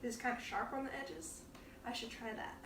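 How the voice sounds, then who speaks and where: Laughing often and chatting playfully, a woman hosts a casual cooking demonstration at home as the show's host. She speaks at normal speed in a fairly high, expressive voice. The audio is roomy and captured off-mic from a distance, with background noise.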